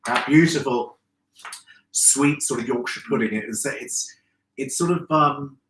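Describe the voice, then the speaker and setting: A man's voice: mid-range voice, a little slow, background noise. A man hosting a live stream, chatty and effusive, greeting viewers by name. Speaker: host of a live florist show. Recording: echoey room, distant from mic.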